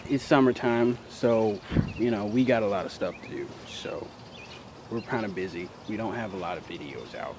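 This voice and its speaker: A man's voice: on the low side, normal speed, background noise. A teenage boy telling a childhood story in a casual, profane, indignant way. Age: teens.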